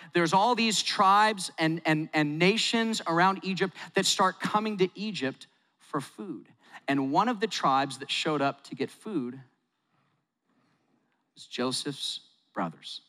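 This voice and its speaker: A man preaching a sermon in a large hall, telling a story with animated delivery and acting out quotes. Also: sits high. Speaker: pastor. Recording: long reverb of a large hall.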